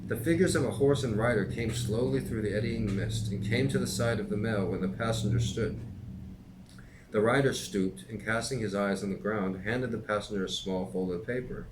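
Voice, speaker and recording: A man reading a classic novel aloud in a steady, even narration. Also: fairly low pitch, normal speed, noisy background. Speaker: reader and teacher.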